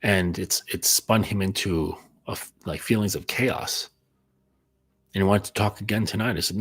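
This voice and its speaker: Low husky-voiced man, blunt coaching talk. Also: moderate pace, fairly bright tone. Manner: blunt, conversational, many fillers. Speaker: dating coach. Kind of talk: casual monologue.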